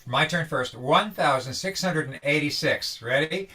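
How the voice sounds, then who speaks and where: A man hosting a daily online singalong, greeting viewers by name in casual, halting talk with many restarts over a video call. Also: fairly high pitch, pushed and bright. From Vermont.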